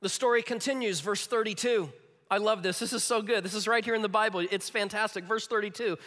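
Animated preacher in a reverberant hall. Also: male voice, sits high, a little fast. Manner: animated, dropping to hushed near-whispers for emphasis. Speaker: pastor. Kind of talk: sermon.

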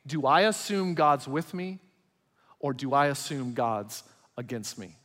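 A man preaching a sermon as pastor, swinging between loud emphatic passages and quiet, intimate ones. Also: mid-range voice, animated, unhurried. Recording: long hall reverb.

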